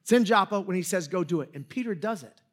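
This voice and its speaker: A man's voice: high voice, animated, quick pace. A man preaching a sermon in a conversational, storytelling way, joking at his own expense with frequent restarts. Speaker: pastor.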